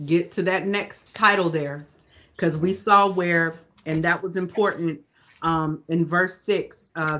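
A Bible study teacher leading a live church lesson, with a voice sitting at an ordinary middle pitch. The delivery is relaxed and conversational. The teacher keeps checking in with the group and sometimes backs up to rephrase a thought. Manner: conversational, often asks "you know?"; restarts and self-corrections.

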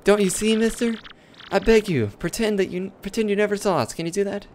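A man's voice: high-pitched, fairly quick, a little mellow, a little hiss or hum, lightly acted. A man voicing a lovestruck, melodramatic young female tree-creature who pleads and swoons. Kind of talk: reading game dialogue in character.

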